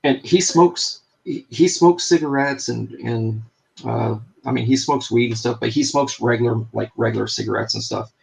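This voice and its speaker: A man with a gravelly edge to his voice chats casually on a stream. He tells long, wandering stories, stopping and restarting with plenty of fillers. His pitch sits in the middle range. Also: normal speed, poor audio. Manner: rambling anecdotes with many fillers and restarts. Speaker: podcast co-host. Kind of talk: casual chat, storytelling.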